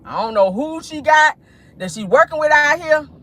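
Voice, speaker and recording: A woman's voice: high voice, expressive, moderate pace, fairly bright tone, low-quality recording. Sassy, laughing woman gossip host. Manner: sassy, profane, laughing often, acts out quotes. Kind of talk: casual commentary to viewers.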